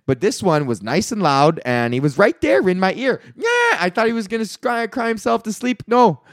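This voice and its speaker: High-voiced comic ranting. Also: male voice, moderate pace, dry recording, clean studio sound. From Canada. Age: 30s. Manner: profane, animated ranting with rhetorical questions. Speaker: comedian podcast host. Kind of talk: solo comedic rant.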